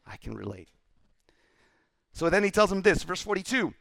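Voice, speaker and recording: Male pastor, animated sermon storyteller, gravelly voice, dry close sound. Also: sits high, moderate pace, no echo. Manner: animated storytelling, acts out scripture.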